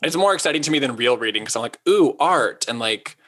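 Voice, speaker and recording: Bright-voiced chatty man. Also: mid-range voice, lively intonation. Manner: chatty, quick asides, lots of "like". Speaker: podcast co-host. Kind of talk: casual chat.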